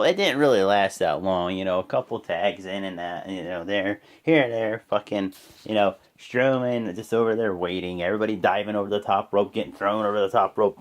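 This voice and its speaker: A man giving a casual, rambling recap of a wrestling show, excitable and swearing freely. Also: lowish voice.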